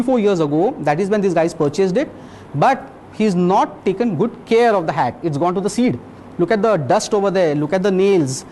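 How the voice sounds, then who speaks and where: A man voicing a shrewd male detective who lays out his deductions slowly and calmly, in much his own voice. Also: high-pitched, a little hiss or hum. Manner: slow, deliberate explaining.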